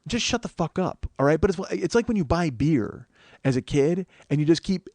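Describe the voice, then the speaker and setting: A man's voice: on the high side, lively intonation, moderate pace, a little mellow, no room sound. A man, telling a rambling, self-mocking comic story as a podcast host. He swears a lot, and his voice climbs when he acts out his panic. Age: 40s. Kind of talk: comedic storytelling monologue.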